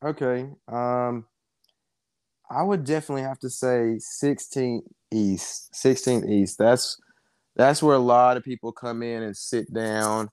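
Smooth-voiced wrestling coach. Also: male voice, mid-range voice, measured pace, dry recording, clean studio sound. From South Georgia, US. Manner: relaxed storyteller, many fillers. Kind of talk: casual interview chat.

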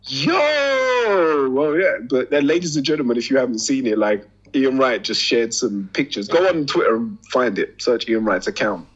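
A man's voice: medium pitch, brisk, husky, lo-fi sound. A man co-hosting a podcast in casual chat, telling stories with laughter and swearing. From Britain. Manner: animated, swearing, laughing storyteller. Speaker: podcast co-host.

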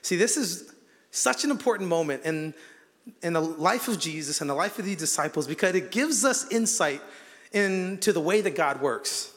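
Animated man preaching in a reverberant church hall. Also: high-pitched, moderate pace. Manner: animated storyteller, acts out quotes, frequent fillers. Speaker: guest preacher. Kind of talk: sermon with storytelling. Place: church auditorium.

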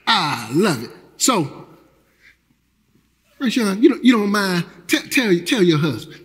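A man preaching a sermon as pastor, energetic and earnest, repeating phrases and swinging between loud calls and quiet lows. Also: slow, a little hiss or hum. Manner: repeats phrases and restarts with a casual preaching rhythm. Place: church sanctuary. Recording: long church hall reverb.

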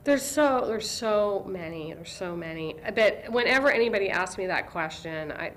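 A woman librarian speaks in a relaxed interview, her voice at a middling pitch. She talks with animated enthusiasm and now and then breaks into the excited voices of the kids she describes. A faint hiss of noise sits under the recording. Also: normal speed. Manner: animated storyteller, acts out kids' voices with excitement. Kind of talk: conversational interview.

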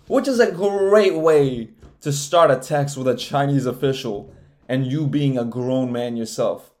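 A young man hosting a casual solo podcast, rambling with lots of swearing and frequent laughter, getting loud and animated when he gets worked up. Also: mid-range voice, unhurried. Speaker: podcast host.

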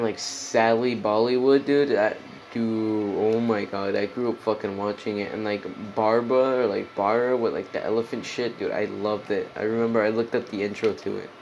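A man's voice: fairly low pitch, steady tone, moderate pace, a little mellow, dull audio, slight background noise. A man hosting a casual solo podcast, rambling and swearing, with lots of "like" and "dude". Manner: rambling, profane, heavy on "like" and "dude". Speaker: podcast host.

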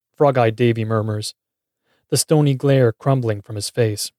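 Dark-voiced man narrating a horror tale. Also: medium pitch, no echo, studio quality. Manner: wry, dramatic storytelling. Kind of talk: first-person scripted narration.

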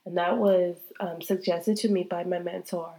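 A woman's voice: on the low side, fairly even intonation, moderate pace, mellow. Congested woman hosting a heartfelt podcast. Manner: heartfelt, repetitive, talks straight to listeners. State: congested from a cold. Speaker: podcast host. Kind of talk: candid faith-based podcast talk.

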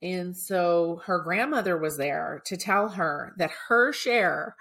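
A woman's voice: on the low side, slow pace. A woman hosting a podcast, telling a story in a chatty, casual way with many filler words and moments of being choked up. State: choked up at times. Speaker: podcast host.

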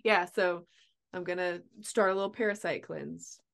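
A woman in her forties chatting casually, telling a story with lively acted-out quotes. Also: on the low side, normal speed, creaky. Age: 40s. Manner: animated storyteller, acts out quotes. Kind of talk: casual chat.

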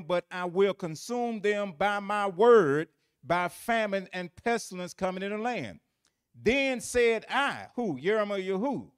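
A man teaching a Bible lesson, quizzing listeners with fill-in questions and repeating phrases for emphasis. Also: high voice.

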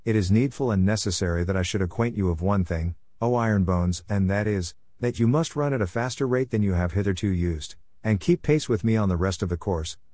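A man's voice: on the low side, a little fast, hardly any pauses, dark tone, no room sound, clean studio sound, natural voice. A man reading the part of a sly, easygoing churl in a folk tale, talking in a wordy, mock-polite, teasing way.

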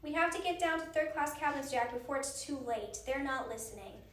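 An eager young girl from a storybook pleads with urgency, as a woman puts her on while reading aloud. Her voice runs high and carries with a roomy echo, caught from a distance. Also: lively intonation, fairly quick. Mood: urgent.

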